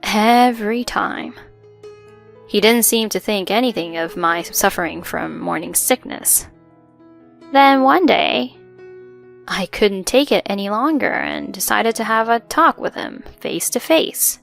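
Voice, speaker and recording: A woman's voice: medium pitch, animated, a little slow, creaky, a bit bright. A woman narrating a first-person story in an earnest, emotional way, with faint music behind.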